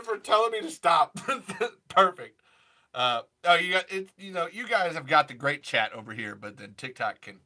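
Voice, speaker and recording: A man hosting an offhand impressions session, giggling and rambling through lots of fillers. His voice sits high and bright, and it swings widely in pitch. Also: sing-song, moderate pace. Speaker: impressionist host. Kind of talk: casual impressions chat.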